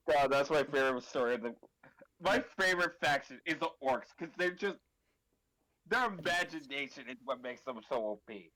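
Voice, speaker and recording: A man co-hosting a casual stream, halting and hesitant, full of ums as he lays out plans. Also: mid-range voice, lively intonation, sharp tone, low-quality recording. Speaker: co-host.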